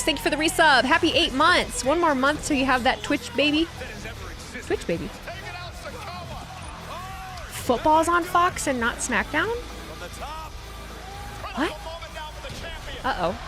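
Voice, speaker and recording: A young woman chatting casually on a live stream, sarcastic and talkative, reading chat messages aloud. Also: high voice.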